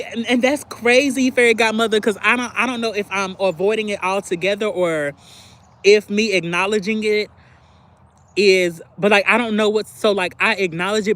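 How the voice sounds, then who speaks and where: A woman's voice: medium pitch, fairly even intonation, moderate pace, fairly bright tone. A woman hosting a livestream, talking candidly in a casual, confessional way to her viewers, with lots of filler words. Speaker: livestream host. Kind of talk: casual live chat reacting to viewers.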